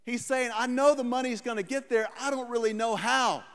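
A man's voice: very high voice, fairly quick, fairly bright tone, big-room sound. A man preaching a sermon, reading scripture and retelling it in a loose, joking everyday voice. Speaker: pastor.

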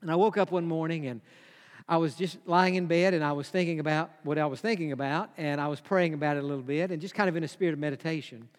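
Preacher, male, high-pitched, emphatic, sermon delivery in a reverberant hall. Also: fairly even intonation, fast talker. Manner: emphatic, repeats key phrases, drops to a hush for quoted whispers.

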